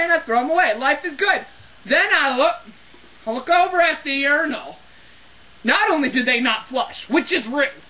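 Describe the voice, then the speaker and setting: A young woman who works as a restroom cleaner, ranting to camera in an exasperated comedic way and apologizing as she goes. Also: high-pitched. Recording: dull lo-fi webcam audio.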